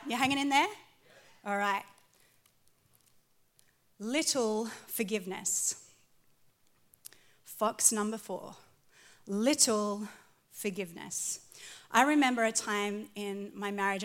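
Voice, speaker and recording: A woman in her forties preaching a sermon to a live audience, telling a funny story about her marriage. She is animated and pokes fun at herself, swinging from soft to loud. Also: fairly high pitch. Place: stage before a live audience.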